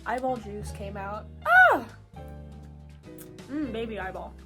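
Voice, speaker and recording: A woman's voice: on the high side, normal speed, music in the background. Giggly young woman vlogger rambling. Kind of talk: casual reaction commentary.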